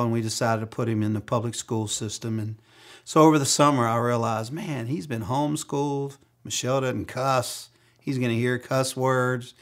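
A middle-aged male pastor preaches with an easy storytelling flow. His voice sits at an ordinary male pitch, and he slips in playful acted-out quotes while keeping the message earnest. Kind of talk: sermon.

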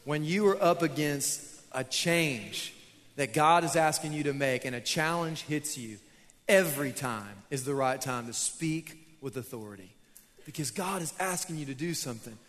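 A young man preaches to his church in a loose, storytelling way, poking fun at himself between points. His voice sits a little high. The sound carries a long reverb from a large hall. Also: lively intonation, normal speed, fairly bright tone. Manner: casual, storytelling preacher who laughs at himself. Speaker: pastor. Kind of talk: sermon. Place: church auditorium.

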